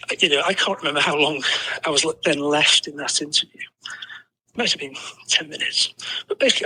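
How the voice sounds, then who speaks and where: An English man in his sixties tells a story on a podcast, his voice very bright and cutting but breathy and husky. He sits a touch high for a man and laughs at his own mishaps, stringing lines together with "you know". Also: low-quality recording. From England. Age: 60s. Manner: animated anecdotal telling with self-deprecating laughs and frequent "you know". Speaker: podcast guest. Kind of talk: storytelling in conversation.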